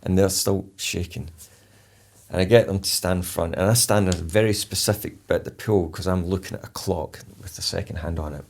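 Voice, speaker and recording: A man, a polar explorer, talking in an interview and telling a story vividly, calmly and deliberately stressing key words. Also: low voice, creaky. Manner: vivid storyteller who re-enacts his own instructions. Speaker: polar explorer and charity founder, interview guest.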